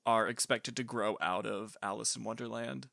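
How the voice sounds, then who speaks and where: A man's voice: fairly low pitch, steady tone, normal speed, gravelly, bright, forceful tone, no room sound. A young adult man hosting a podcast, chatting casually and laughing readily with theatrical flair. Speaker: podcast host.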